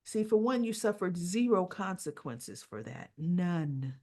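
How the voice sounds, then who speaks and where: A woman casually recapping a soap opera episode, acting out the characters' lines as she retells the scenes. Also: lowish voice. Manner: slow, animated retelling with quoted dialogue.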